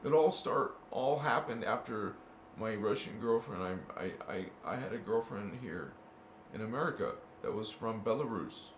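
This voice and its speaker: A man's voice: on the low side, animated, normal speed. A man talking casually to his viewers in a meandering monologue, often restarting and repeating words. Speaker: spiritual vlogger. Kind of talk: rambling casual monologue to camera. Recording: echoey room with faint background noise.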